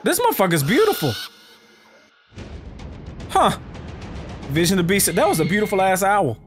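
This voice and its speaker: A man with a Southern US accent giving profane, excitable let's-play commentary, yelping and shouting when startled. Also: high-pitched, normal speed, soft background music. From United States. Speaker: gaming YouTuber.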